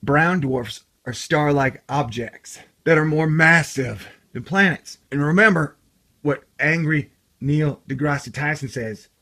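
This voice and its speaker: A man's voice: on the high side, slow pace, sharp tone. A man hosting a casual commentary video, reading an article aloud with sarcastic, rambling, jokey asides. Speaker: video host.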